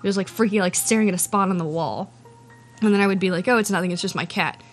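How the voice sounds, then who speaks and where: Woman co-host, mid-pitch, lively storyteller who voices the people in her story. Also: fast, faint music behind. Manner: animated, acts out dialogue. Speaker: podcast co-host. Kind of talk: casual storytelling chat.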